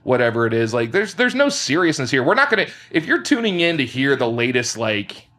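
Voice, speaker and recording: Man, podcast host, casual chat, jokey, quick laughs. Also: medium pitch. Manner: joking, laughs often, animated storytelling.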